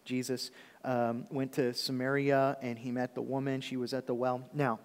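A man's voice: medium pitch, flat delivery, normal speed, clear, resonant tone. A man preaching a sermon as pastor, talking conversationally and checking in with the congregation often. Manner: conversational preaching with frequent "okay?" check-ins. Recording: long hall reverb.

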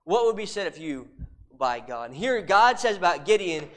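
A man preaching a sermon, emphatic, repeating rhetorical questions and dropping suddenly to a hush. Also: high-pitched, big pitch swings, moderate pace.

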